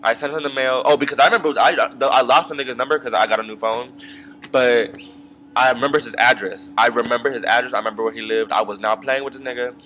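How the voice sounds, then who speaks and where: A man's voice: medium pitch, steady tone, fast talker, pushed and bright, slight background noise. Rambling, profane young man venting. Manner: rambling, profane, full of fillers and asides. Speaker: vlogger. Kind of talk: casual storytelling rant.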